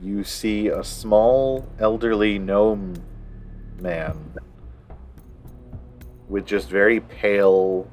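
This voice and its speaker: A man's voice: lowish voice, steady tone, drawn-out words, pauses often, darkish tone, soft background music. A man narrating as game master of a tabletop game, with many hesitant fillers.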